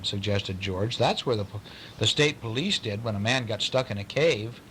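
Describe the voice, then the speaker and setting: A man reading a bedtime story aloud to a child, pausing to ask questions in a playful way. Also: lowish voice, fairly bright tone, a little hiss or hum, low-quality recording.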